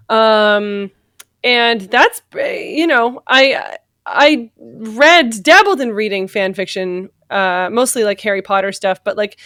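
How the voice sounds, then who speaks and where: A woman's voice: mid-range voice, slow pace, fairly bright tone, no room sound, studio quality. A woman on a comedy podcast panel, reading fan fiction aloud in a giggly, mock-dramatic way.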